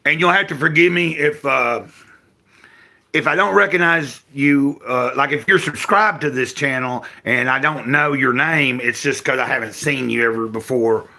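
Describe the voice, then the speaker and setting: A man's voice: mid-range voice, normal speed, pushed and bright. An older man from Tennessee with a Southern accent, chatting casually and rambling with his live-stream viewers from home. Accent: Southern American. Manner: rambling, self-correcting, folksy. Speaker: livestream host.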